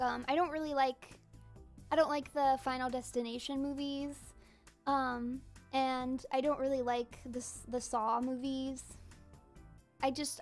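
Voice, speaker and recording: A young woman streamer chatting casually while drawing, giggly and full of fillers. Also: sits high. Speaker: streamer and virtual idol voice actor.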